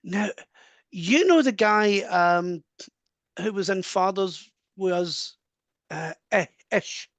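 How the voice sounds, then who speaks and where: A man's voice: sits high, no echo. Scottish male medium, video call, dry close sound, earnest delivery. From Scotland. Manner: warm, earnest, relays messages with quick asides and laughs. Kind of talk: live mediumship reading.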